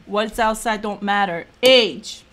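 Chatty bright-voiced woman, teasing. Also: medium pitch, slow pace. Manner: teasing, chatty, laughs often. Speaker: channel host and mother. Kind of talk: casual mukbang chat.

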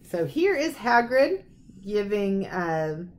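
Female teacher narrating a storybook reading, expressive and lively. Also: mid-range voice, slow, slight background noise.

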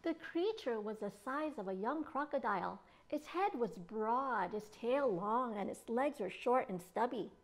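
A woman children's librarian reads a picture book aloud in storytime style. Her voice is high and swoops expressively. She takes her time over each phrase. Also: animated, measured pace, hardly any pauses.

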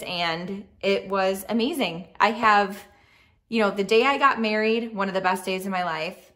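A young adult woman vlogging in a chatty, excited way, with frequent fillers and restarts. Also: mid-range voice, unhurried. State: speaking softly near a sleeping baby. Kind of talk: casual storytelling vlog.

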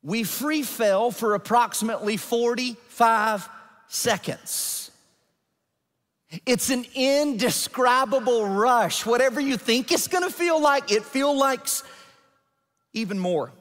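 A male pastor telling a story in a sermon, animated and building to emphatic peaks. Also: very high voice, takes it slowly. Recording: long church hall reverb.

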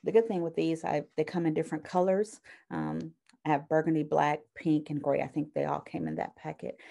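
In a low, gravelly, mellow voice, a woman who teaches counseling delivers a recorded university lecture. Her style is conversational, full of fillers and corrections of herself, and she shows items to the camera along the way.

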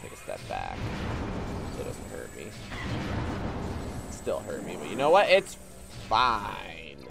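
Brief: male game streamer, excitable and self-mocking, very lively pitch, faint music behind. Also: slow pace, vocal fry. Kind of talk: casual gameplay commentary.

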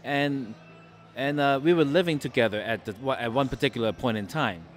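A man's voice: mid-range voice, moderate pace. A man hosting a casual food vlog in a sports bar restaurant, chatting and rambling through anecdotes. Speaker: food and travel vlogger.

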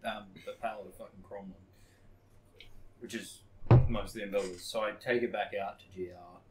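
A man's voice: lowish voice, fairly even intonation, normal speed, roomy sound, heavy background noise. A man, a podcast co-host chatting casually with laid-back, dry remarks. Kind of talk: casual chat.

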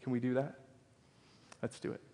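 A male pastor preaching a sermon, telling a personal story that swings between loud, excited passages and hushed, soft ones. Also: medium pitch, normal speed, creaky, slight background noise. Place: church sanctuary. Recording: long reverb of a church hall.

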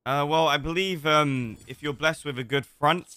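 Brief: a man voicing a cheeky deadpan cop under press questions, bright tense tone, dry close sound. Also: on the high side, moderate pace, smooth, no room sound. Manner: cheeky, deadpan jokey answers. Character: brash male police officer facing a press grilling. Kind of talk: improvised game role-play.

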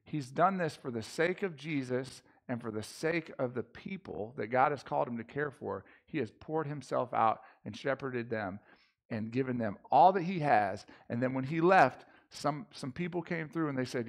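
A pastor giving an informal sermon in a church, his voice gravelly at mid pitch. He talks loosely, uses slang and restarts his sentences often. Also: expressive, normal speed. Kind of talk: casual sermon. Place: church sanctuary.

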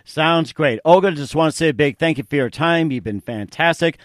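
Male host, slightly high, friendly and encouraging, dry recording. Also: brisk, no echo. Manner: friendly and encouraging, with warm praise. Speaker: talk show host. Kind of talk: upbeat interview hosting.

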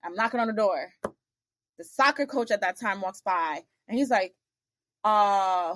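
A woman's voice: moderate pace, dry recording, studio quality. A young woman telling a story casually on a podcast, acting out the people she quotes with big jumps in her voice. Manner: animated, acts out quoted dialogue with big pitch jumps. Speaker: podcast guest.

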